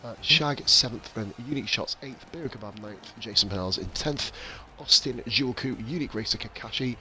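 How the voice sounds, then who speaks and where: Bright-voiced sweary stream host. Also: male voice, mid-range voice, normal speed. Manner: sweary, jokey banter. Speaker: league host and race commentator. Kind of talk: casual post-race live stream.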